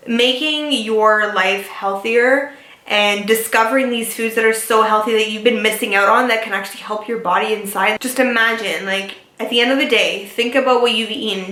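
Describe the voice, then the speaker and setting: With a fairly high, sharp-toned voice, a young woman vlogger covering beauty and lifestyle talks casually to camera. She rambles, filling her speech with "like" and "um", and the room is echoey.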